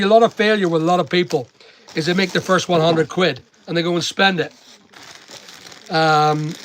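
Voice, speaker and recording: A man's voice: a little high, a bit bright, slight background noise. A middle-aged man with a Northern Irish accent chatting casually on a livestream, giving blunt, preachy money advice and answering comments. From Northern Ireland. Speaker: online seller and livestream host.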